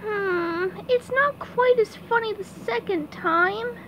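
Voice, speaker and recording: A woman voicing a cheerful, boyish male sea sponge in a fan comic dub, with an excitable, sing-song way of talking. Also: extremely high pitch, extremely slow, slight background noise, exaggerated voice.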